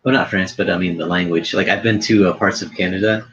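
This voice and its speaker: A man with a very deep voice tells loose, laughing stories in a casual chat. His audio is dull and lo-fi, like an online call. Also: steady tone, fast, a bit bright, a little hiss or hum. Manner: chatty, laughing, loose storytelling.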